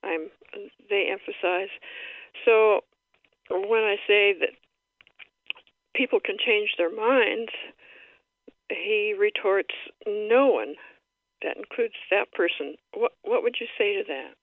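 A woman caller from the Seattle area asking a question hesitantly, clearing her throat between words. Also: mid-range voice, takes it slowly, long pauses, dry recording. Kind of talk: phone-in question. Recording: tinny phone line.

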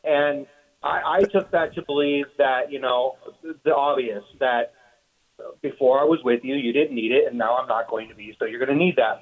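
Man, radio caller, tinny telephone line, hesitant, searching for words, filler-heavy. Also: mid-range voice. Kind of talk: phoned-in question on a radio show.

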